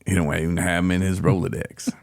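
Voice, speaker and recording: Man, very low gravelly voice, goofy teasing podcast host, dry close sound. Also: little pitch movement, fast, darkish tone, no echo. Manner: goofy, teasing, laughs often. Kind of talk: joking casual chat.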